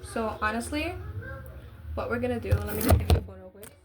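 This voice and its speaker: A woman's voice: fairly high pitch, fast, very noisy. A woman chatting casually as she bakes, with cheeky slangy asides. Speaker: baking vlogger. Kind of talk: casual baking vlog.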